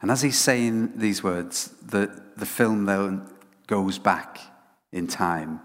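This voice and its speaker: A man's voice: fairly low pitch, slow. Man preaching in a reverberant hall. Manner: animated storytelling with frequent restarts. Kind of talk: conversational sermon.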